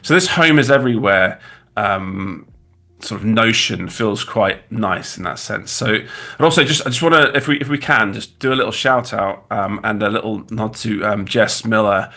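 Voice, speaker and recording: A British man in his thirties, from the UK, chats casually as a guest designer on a livestream, rambling and restarting often. His voice is fairly low, pushed and bright, at a normal speed.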